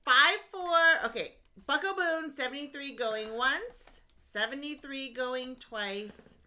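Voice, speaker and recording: A woman co-hosting a live auction stream, reading out bids and counting down in a steady rhythm. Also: high voice, takes it slowly. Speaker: auction co-host calling bids.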